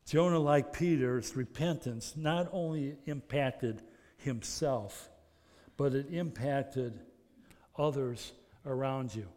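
A man preaching a sermon as pastor, earnest, moving between loud emphasis and soft, intimate passages. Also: mid-range voice, slow pace. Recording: long reverb of a large hall.

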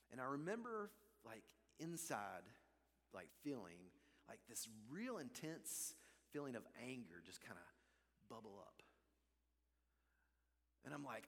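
A man preaches in a mid-pitched voice, his pitch leaping high and falling low as he acts out his own story. He teases himself with wry humor along the way. His words trail off into the long reverb of a large church sanctuary. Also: normal speed, long pauses. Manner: animated storytelling with self-deprecating humor. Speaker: pastor. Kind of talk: sermon with personal story.

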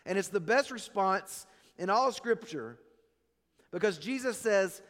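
A man preaching a sermon, telling stories and acting out quotes, then dropping low and quiet to drive a point home. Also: lively intonation, a little slow, big-room sound. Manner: storytelling preacher, acts out quotes, drops low for emphasis. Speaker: pastor.

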